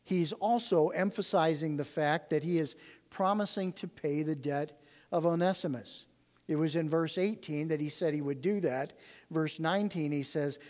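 Earnest Bible teacher in a reverberant hall. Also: male voice, fairly high pitch, moderate pace, darkish tone. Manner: earnest, explanatory, emphatic on key words. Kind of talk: Bible study sermon.

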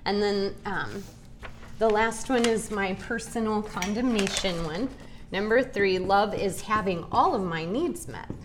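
Background noise accompanies this mid-range female voice. She's a speaker in her forties at a Christian women's gathering, delivering a confessional, earnest Bible talk to the group at a slow, deliberate pace.

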